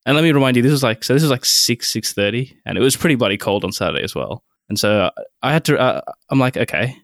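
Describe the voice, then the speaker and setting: A young Australian man telling a rambling story on a podcast, animated and laughing, with crude jokes. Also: mid-range voice, fast, no echo, studio quality. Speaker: podcast co-host. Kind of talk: casual banter storytelling.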